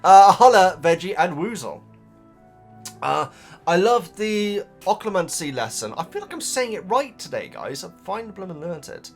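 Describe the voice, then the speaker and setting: A man's voice: sits high, big pitch swings, moderate pace, gravelly, faint music behind. A man who hosts, chatting casually as he reads out viewer comments, rambling, stopping himself and laughing often. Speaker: host reading viewer comments. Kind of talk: casual chat to camera.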